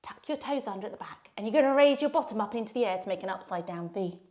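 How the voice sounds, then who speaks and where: A woman's voice: medium pitch, lively intonation, fast, a little mellow. A woman leading a playful children's yoga session, telling a story with sound effects. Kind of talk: guided kids' yoga story.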